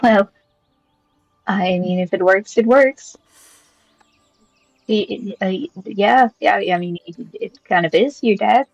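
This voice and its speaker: A woman's voice: medium pitch, takes it slowly, pauses often, no room sound, faint music behind, poor audio. A woman as an eager, hungry rabbitfolk paladin. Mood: warm. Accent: British. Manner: upbeat, eager.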